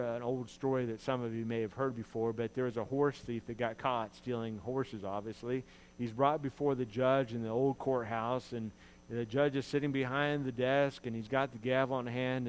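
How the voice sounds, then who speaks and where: A man's voice: medium pitch, a little hiss or hum, low-quality recording. Earnest male pastor preaching a sermon. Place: church.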